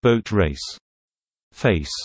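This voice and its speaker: A man reading slang terms and their meanings in a measured, deliberate teaching delivery. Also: lowish voice, lively intonation, a little mellow, no echo. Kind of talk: slow explanatory reading of word pairs.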